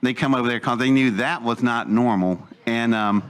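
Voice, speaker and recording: A man's voice: mid-range voice, moderate pace, smooth. Rambling older man spinning a yarn. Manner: rambling, digressive, chuckling asides. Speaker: speaker telling a life story. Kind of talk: anecdotal storytelling to a live audience.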